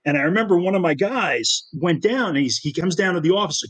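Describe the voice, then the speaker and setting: A middle-aged man telling rambling, animated anecdotes as a guest in a casual interview, full of fillers and restarts. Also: on the high side, fast talker, poor audio. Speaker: guest filmmaker.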